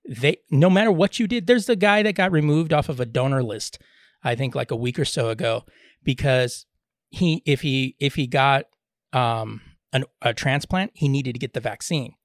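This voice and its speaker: A man's voice: medium pitch, moderate pace, no room sound, studio quality. A man co-hosting a podcast, talking bluntly in a casual chat, rambling with frequent restarts. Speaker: podcast co-host.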